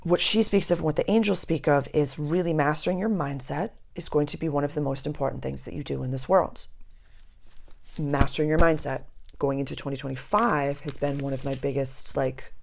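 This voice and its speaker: Young female astrology vlogger, deep gravelly voice, rambling casual chat to camera. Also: fairly even intonation, a little fast. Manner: chatty and rambling, drops to a whisper at times. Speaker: astrology channel host. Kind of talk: casual spiritual talk to camera.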